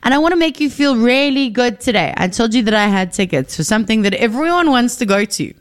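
A woman's voice: on the high side, expressive, brisk. A woman radio DJ presenting in a chatty, upbeat and casual way. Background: faint music.

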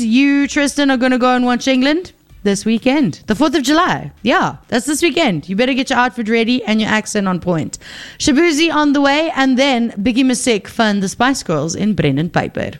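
A young South African woman presenting on radio, chatty and playful, teasing her listeners from a studio microphone. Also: a little high.

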